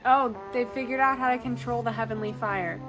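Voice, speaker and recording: A woman's voice: a little high, fairly even intonation, a little fast. A woman chatting casually in a reading vlog, gushing and full of fillers. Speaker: book vlogger. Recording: clear background music.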